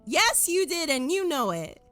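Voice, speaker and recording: A woman's voice: high voice, sing-song, unhurried, soft background music, pitched above the performer's own voice, exaggerated voice. A woman voicing an elderly female spirit of chaos who is bitter and scornful. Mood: resentful. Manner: bitter, resentful, loud.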